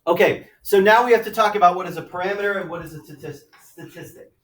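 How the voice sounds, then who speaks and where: A man teaching a high school math class, lecturing conversationally and often checking in with "right?" and "okay?". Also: fast talker, fairly bright tone, distant mic. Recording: echoey classroom, mic from afar.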